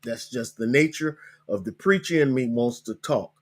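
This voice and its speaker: A man hosting a live online session, coaching viewers on starting a business, talking casually, repeating links slowly and ending lines with "okay?". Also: mid-range voice. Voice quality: hiccups. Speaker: podcast host.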